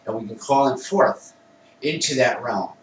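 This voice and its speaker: A man, a Wicca priest, calmly explains a ritual step by step in a plain conversational way, sometimes correcting himself. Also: medium pitch, normal speed, a little hiss or hum. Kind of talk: instructional ritual demonstration. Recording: echoey room, mic at a distance.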